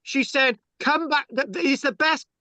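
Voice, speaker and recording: A man's voice: extremely high pitch, unhurried, bright, forceful tone, no echo. A man telling stories in casual chat, rambling and stammering, tagging lines with "right?". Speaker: channel host. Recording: dull lo-fi sound.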